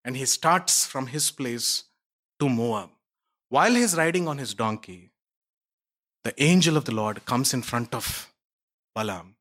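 A man's voice: medium pitch, animated, measured pace, long pauses, fairly bright tone. A man preaching a sermon, retelling a scripture story in a conversational way with asides to his listeners.

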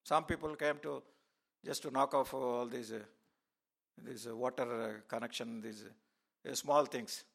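A man's voice: medium pitch, fairly even intonation, a little slow, creaky, pauses often, fairly bright tone. A man preaching a sermon as a pastor, telling a story with many fillers and restarts.

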